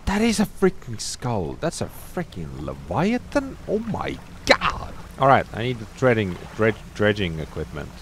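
A man giving loud, excitable gameplay commentary that swears and shouts when something startles him. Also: lowish voice, moderate pace, few pauses, a little hiss or hum. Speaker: gameplay streamer.

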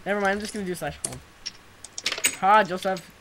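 A teenage boy chatting casually while gaming with a friend, excitable and quick to shout, his throat sore from screaming. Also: high-pitched, very noisy. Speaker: gameplay commentator. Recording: loud keyboard typing and clicks.

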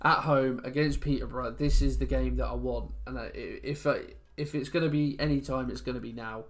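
A young man from England talks over a football video game in loose, rambling commentary. His mid-pitched voice swings between low, glum muttering and loud, excited outbursts as the match turns. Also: fairly quick. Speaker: gaming YouTuber. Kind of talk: casual gameplay commentary.

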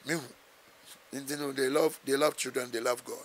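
A man's voice: medium pitch, flat delivery, moderate pace, a little hiss or hum. A man with a Ghanaian accent, a pastor answering interview questions in an earnest preaching manner, quoting scripture and mixing in Twi phrases. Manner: earnest, quotes scripture, switches between English and Twi.

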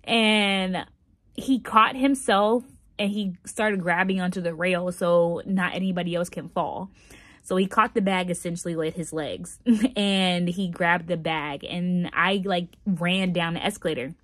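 A young woman telling a funny travel story to her phone camera, animated and full of fillers. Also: on the low side, a little slow, dry recording. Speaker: vlogger.

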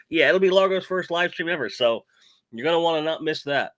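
Hosting a casual toy-collecting live stream, a man still recovering from covid sounds sick as he rambles, jokes at his own expense and reads chat aloud. His voice is high, sharp and smooth, with studio-quality sound and no echo.

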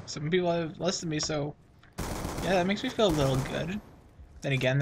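A teenage boy who hosts a gaming channel rambles in self-mocking commentary over his own gameplay, sniffling from a runny nose. His voice is medium-pitched, with a little hiss or hum in the recording.

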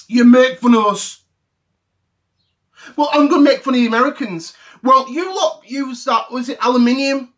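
A man's voice: very high-pitched, a little slow, pauses often. A man playing an outraged English football fanboy. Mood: ranting. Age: 30s. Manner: indignant, repetitive ranting. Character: ranting English football fan, man in mid-thirties, easily offended. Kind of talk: comedy sketch rant to camera.

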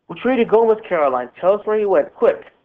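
A man voicing a polite, gentle small schoolboy with a rural drawl, with a tinny phone-like sound. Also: sits high, animated, quick pace, voice pushed up. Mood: eager.

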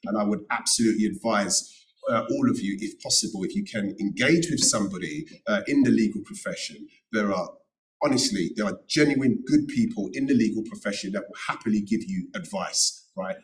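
Earnest low-voiced man, heard from afar. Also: fairly quick, recorded from a distance, low-quality recording. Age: middle-aged. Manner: earnest, emphatic advice with repeated phrases. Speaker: panel speaker, notary and former solicitor. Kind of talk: panel talk at a careers event. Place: event room.

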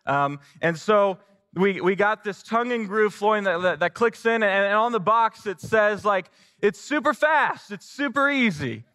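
High, bright man preaching. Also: moderate pace, clear, resonant tone. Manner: casual, self-deprecating, many restarts and quoted asides. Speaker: pastor. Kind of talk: sermon with personal storytelling. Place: large church sanctuary. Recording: long hall reverb from a church sanctuary.

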